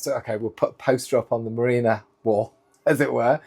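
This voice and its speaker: A man's voice: medium pitch, moderate pace. A middle-aged man, a guest telling long, rambling stories in a casual interview. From United Kingdom. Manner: rambling anecdotal storytelling, strung together with "and then". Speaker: guest, keynote speaker and former sailor.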